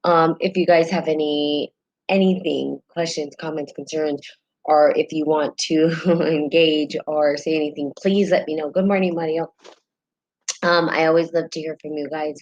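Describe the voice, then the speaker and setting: Low-voiced New Mexican woman live-streaming. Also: a little mellow, dull audio. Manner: chatty, greets viewers mid-sentence, many ums. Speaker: host of a spiritual live stream. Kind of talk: casual live-stream talk and reading aloud.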